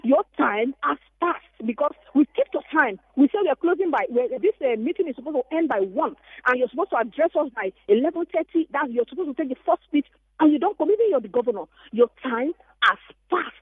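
A woman with a Nigerian accent calling into a radio show, telling an animated, emphatic story. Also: sits high, fast, no room sound. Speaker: caller. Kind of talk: call-in radio comment. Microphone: phone. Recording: tinny phone line.

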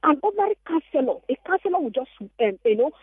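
A woman's voice: sits high, quick pace, no room sound. Nigerian woman on a tinny phone line. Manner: animated storytelling, emphatic. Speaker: caller. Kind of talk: call-in radio comment.

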